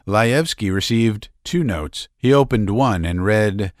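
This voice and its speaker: A man narrating a classic novella in a measured, expressive reading. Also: on the low side, no room sound, clean studio sound. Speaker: audiobook narrator. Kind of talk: scripted literary narration.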